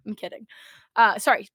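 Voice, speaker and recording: A woman's voice: sharp tone, no echo, clean studio sound. A young Canadian woman, a streamer, chatting as a podcast guest in a teasing, joking way. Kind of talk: casual chat.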